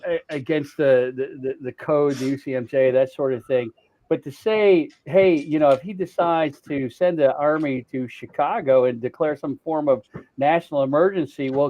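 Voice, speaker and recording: An older man, a political commentator, goes on a heated, blunt and profane rant about politics, restarting often and repeating words. His voice sits high, with slight background noise.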